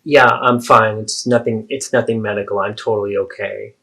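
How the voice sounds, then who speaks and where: A man's voice: lowish voice, steady tone, moderate pace, creaky, sharp tone. Man playing an earnest adult daughter. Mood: hesitant. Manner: earnest, pleading, persistent. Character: adult daughter confronting her mother. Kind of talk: therapeutic role-play.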